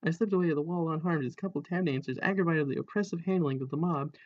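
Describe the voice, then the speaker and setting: A man reads a parody novel aloud in a dry, amused way, stopping for asides. His voice sits a little high. The recording is dull and lo-fi. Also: racing. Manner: dry, amused, breaks into laughter at jokes. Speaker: reader.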